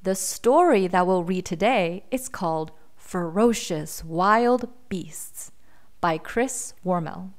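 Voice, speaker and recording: A woman reading a children's picture book aloud in a gentle, expressive way. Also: on the low side, takes it slowly. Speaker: storyteller.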